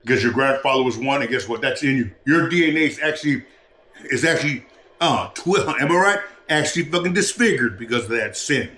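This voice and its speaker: A man's voice: medium pitch, expressive, a little fast, pushed and bright, roomy sound. A man talking in a preachy, rambling way, full of swearing and restarts, as a podcast guest. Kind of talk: casual street talk.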